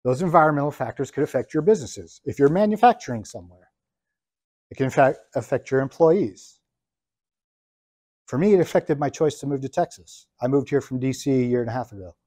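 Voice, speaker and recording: A man's voice: medium pitch, lively intonation, a little mellow, no echo. Man lecturing in a dry, close sound. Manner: emphatic, deliberate, ticks through points one by one. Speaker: business coach. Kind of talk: lecture to business students.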